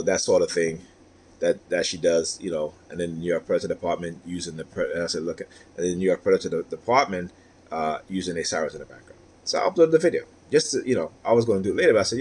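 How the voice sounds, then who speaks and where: Husky aggrieved man venting. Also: sits low, a little mellow. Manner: aggrieved, repetitive, rhetorical "right?" asides. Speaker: vlogger. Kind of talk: personal monologue.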